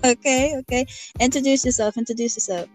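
A woman's voice: sits high, steady tone, a little fast, faint music behind. Playful young woman host. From Baltimore. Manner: playful, teasing, repeats phrases. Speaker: podcast host. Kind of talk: casual podcast chat.

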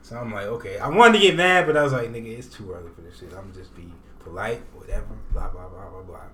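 A young man co-hosting a podcast, telling a story with animated, profane ranting. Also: lowish voice, fast. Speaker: podcast co-host. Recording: roomy, distant mic with clear background noise.

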